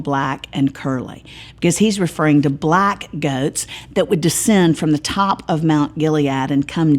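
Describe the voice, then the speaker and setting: A middle-aged woman, giving a sermon-style Bible teaching with lively storytelling and humorous asides. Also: sits low.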